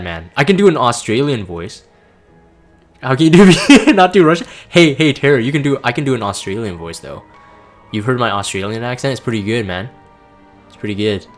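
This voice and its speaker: A man casually commenting between story readings in a laid-back, joking, self-deprecating way. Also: mid-range voice. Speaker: channel host reading game story.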